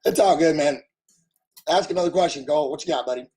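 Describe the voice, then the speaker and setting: A man from the United States ranting bluntly at his live chat, his voice hoarse and damaged after covid, talking loudly so he can be heard and swearing freely. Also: fairly high pitch, fast, rough recording. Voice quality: husky, strained. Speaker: livestreamer answering chat. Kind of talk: casual live-stream rant.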